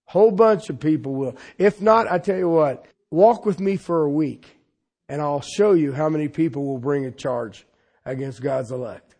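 With a fairly high voice and a moderate pace, this preacher keeps his sermon homespun and humorous. He talks straight to the audience, moving from booming exclamations to hushed, personal asides.

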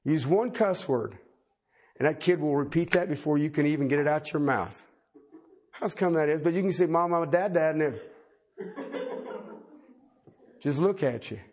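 A middle-aged man preaching a sermon in a folksy, animated way, with joking asides. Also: fairly high pitch, moderate pace, pauses often, slightly rough. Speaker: pastor.

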